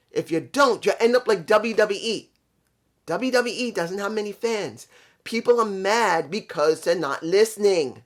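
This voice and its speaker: A man's voice: high voice, expressive, moderate pace. A man from New York reviewing a wrestling show, talking bluntly and profanely, venting his frustration and talking straight to his subscribers. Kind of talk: ranting casual review.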